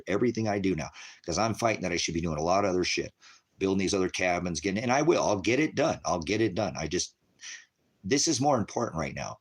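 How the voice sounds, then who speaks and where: A man hosting a ministry livestream, ranting profanely and agitatedly at his viewers as brothers and sisters. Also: lowish voice.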